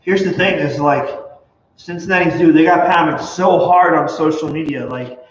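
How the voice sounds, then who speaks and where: A man's voice: fairly high pitch, moderate pace. A man, a pastor, chatting casually and rambling with lots of likes and you knows. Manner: rambling, many fillers and restarts. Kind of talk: casual chat. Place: church hall. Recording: echoey hall, far from mic, dull.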